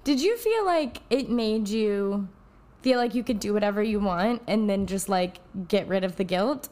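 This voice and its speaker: A woman's voice: medium pitch, animated, normal speed, darkish tone. A woman co-hosting a podcast, chatting in a playful, joking way. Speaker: podcast co-host. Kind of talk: casual podcast chat.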